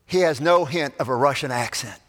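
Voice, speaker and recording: A man preaching a sermon, telling a story that swells loud and then drops to a hush. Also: mid-range voice, fairly quick. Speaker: pastor. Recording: long reverb of a large hall.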